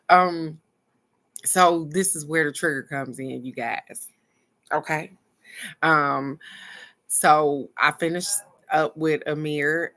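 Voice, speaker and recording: Woman host, earnest casual storyteller, low voice with a gravelly edge, speaks directly to viewers. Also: fairly bright tone. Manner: earnest, reflective, talks straight to viewers. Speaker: spiritual card-reading host.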